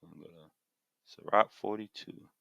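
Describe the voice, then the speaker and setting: A fired-up man with a low, sharp voice and vocal fry speaks at normal speed, recorded dry and close on a camera mic. A street preacher teaching scripture, he delivers a fiery sermon to camera, reading verses aloud and then repeating them with impassioned emphasis.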